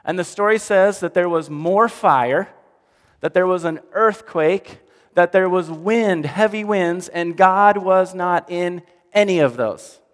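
Male pastor, somewhat high voice, lively storytelling sermon, long hall reverb. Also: takes it slowly. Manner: animated storytelling, drops to quiet for emphasis.

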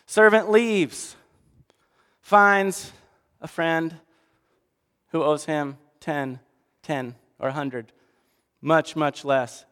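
High-voiced preacher in a reverberant hall. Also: male voice, steady tone, extremely slow, pauses often, clear, resonant tone. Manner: acts out characters with voices, shifting loud and soft. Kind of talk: sermon.

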